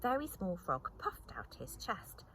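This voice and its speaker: A woman telling a children's story, expressive and animated, slipping into soft whispers. She takes it slowly and lets her voice rise and fall widely. A faint hiss of noise runs underneath. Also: medium pitch, poor audio. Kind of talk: storybook reading.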